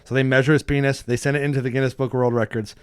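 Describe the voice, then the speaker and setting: Animated man telling jokes. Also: mid-range voice, very fast, clear, resonant tone. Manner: animated storyteller, drops his voice for joke characters. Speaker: podcast co-host. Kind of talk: casual chat, telling jokes.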